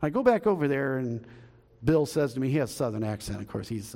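Animated pastor in echoing church. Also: male voice, mid-range voice, a little fast. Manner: animated storyteller, acts out quoted voices. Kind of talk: storytelling sermon and prayer. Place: church sanctuary.

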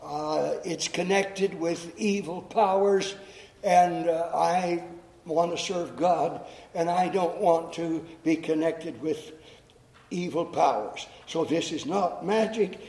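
A man preaching in chapel to students, explaining slowly and deliberately and repeating phrases for emphasis. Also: on the high side, a little mellow. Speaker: chapel speaker. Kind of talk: sermon to students. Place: chapel hall. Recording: echoey chapel hall.

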